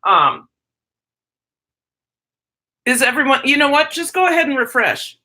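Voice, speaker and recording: An excitable woman chats through her own live stream, calling out to viewers by name between stories. Her voice sits a little high and rings bright and forceful, and her talk is loose, chatty and quick to bounce around. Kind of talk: casual live-stream chat.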